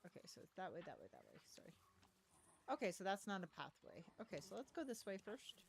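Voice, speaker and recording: This is a woman commenting on her own gameplay in a casual, think-aloud way. Her pitch swings around with lively animation, settling at an ordinary middle height. She fills the talk with quick excited exclamations. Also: vocal fry, slight background noise. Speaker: gaming streamer. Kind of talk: let's play commentary.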